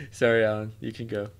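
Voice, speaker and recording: A man's voice: mid-range voice, vocal fry. A young man co-hosting a casual podcast who giggles often while he talks. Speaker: podcast co-host. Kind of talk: casual chat.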